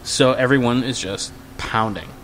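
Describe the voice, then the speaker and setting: A man co-hosting a podcast, telling a drinking story in a casual, animated, profane way. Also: mid-range voice, moderate pace, long reverb tail, slight background noise. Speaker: podcast co-host.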